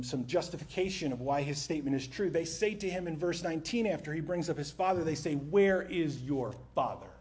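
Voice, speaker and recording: Animated man preaching a sermon. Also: a little high. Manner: animated, conversational preaching with sudden drops to a hush. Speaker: pastor. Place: church stage with microphone.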